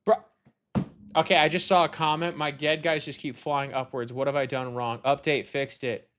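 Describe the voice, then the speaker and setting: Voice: medium pitch, level tone, normal speed, background noise. A young adult hobby game developer commenting casually while coding, exasperated, talking to themself and swearing often. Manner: rants loudly at an online commenter.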